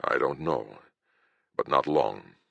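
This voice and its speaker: A man voicing a gruff, profane and irritable male healer who speaks bluntly and snarls when angry. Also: very deep voice, takes it slowly, bright, forceful tone, no echo, lo-fi sound, heavily acted.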